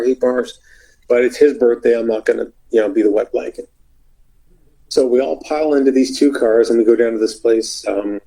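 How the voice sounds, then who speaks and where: A man's voice: mid-range voice, gravelly, poor audio. A man telling a long road story in a casual interview, acting out the voices of the people in it. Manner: animated, acts out quoted voices.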